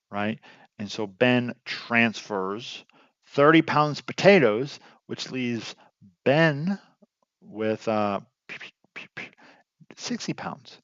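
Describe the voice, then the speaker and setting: A man's voice: lowish voice, takes it slowly, a bit bright, no echo, muffled recording. A man teaching an informal lesson, telling a story and acting out its characters, with many fillers and restarts. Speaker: real estate investing teacher.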